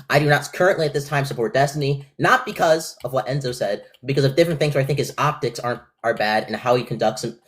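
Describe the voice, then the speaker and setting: Insistent young man arguing a point. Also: medium pitch. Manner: insistent, talks over the other speaker, keeps repeating demands. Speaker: debate stream host. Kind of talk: heated online debate.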